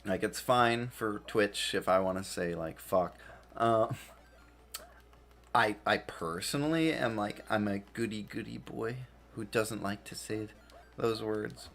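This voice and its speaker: Tired, rambling man with a low voice. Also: fairly even intonation, unhurried, creaky, a bit bright. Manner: rambling, self-deprecating, laughs often. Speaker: game streamer. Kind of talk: casual gaming stream chat.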